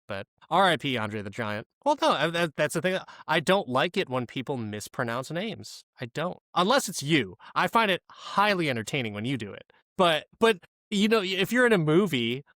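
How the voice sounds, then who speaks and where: In a relaxed movie-review chat, this podcast co-host rambles and curses freely as he warms up. He has a mid-range, fairly bright voice with a sing-song quality and a moderate pace. The recording is studio quality, with no room sound.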